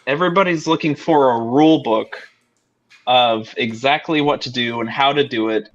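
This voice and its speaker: A man's voice: medium pitch, normal speed, muffled recording. A man joining as a guest on a video call, talking hesitantly with many fillers. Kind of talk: casual video-call conversation.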